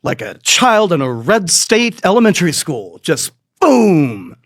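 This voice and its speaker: A man hosting a comedy podcast, telling a rambling, profane story and jumping into squeaky voices for the people he quotes. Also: very animated, a little slow, no room sound, studio quality. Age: adult. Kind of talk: comic storytelling monologue.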